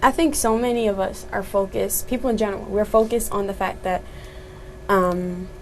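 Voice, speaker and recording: A woman's voice: medium pitch, fairly even intonation, moderate pace, slight background noise, low-quality recording. A young woman, an activist guest on a talk show, speaking earnestly and firmly with many fillers. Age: young adult.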